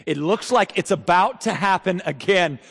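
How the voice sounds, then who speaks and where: A man preaching a sermon in a church, chatting with the crowd through rhetorical questions and building to loud shouted peaks. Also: sits high, expressive, normal speed, creaky. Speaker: pastor. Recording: long reverb of a large hall.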